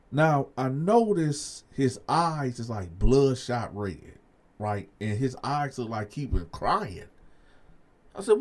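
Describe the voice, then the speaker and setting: A man hosting a storytelling channel, telling a story to his viewers in a loose, slangy way and acting out both sides of the conversation. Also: unhurried. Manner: animated, acts out both sides of a story with raised pitch for himself; loose slangy delivery, addresses viewers as y'all.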